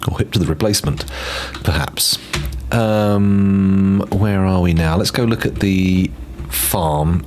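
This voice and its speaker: A man's voice: low-pitched, slight background noise. A man streaming a game in casual commentary, rambling and joking to himself as he plans, speaking into a desk microphone. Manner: rambling, playful, mutters to himself while planning.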